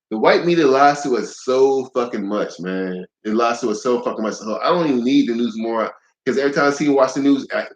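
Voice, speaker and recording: A man's voice: medium pitch, echoey room. A young man delivering a blunt, profane, heated monologue to camera, with frequent restarts. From United States. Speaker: vlogger.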